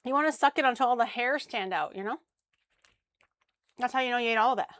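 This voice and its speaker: A woman's voice: a little high, fast, a bit bright, no echo. A young woman streaming as she cooks, chatting casually with crude jokes and easy swearing. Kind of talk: casual cooking stream chat.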